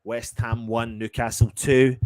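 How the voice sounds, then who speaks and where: A man giving partisan live football commentary as a fan, swearing and swinging from low muttering to loud shouts. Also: flat delivery, measured pace, no echo.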